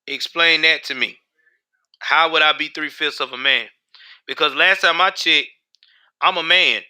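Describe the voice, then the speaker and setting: A man's voice: on the high side, unhurried, pushed and bright, clear, resonant tone. A man hosting a live stream, talking back to his chat in heated, profane commentary. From United States. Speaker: livestream host.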